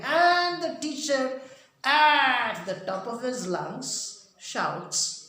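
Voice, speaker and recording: A woman's voice: a little high, a bit bright. Echoey woman teaching a grammar lesson. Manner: repeats key lines slowly, acts out example sentences. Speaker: English teacher. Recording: very echoey room with faint noise.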